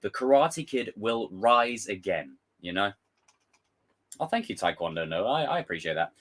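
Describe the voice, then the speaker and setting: Man, young, passionate trailer commentary, animated pitch, excitable, casual swearing. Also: normal speed. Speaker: pop culture commentator. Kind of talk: emotional trailer breakdown with viewers.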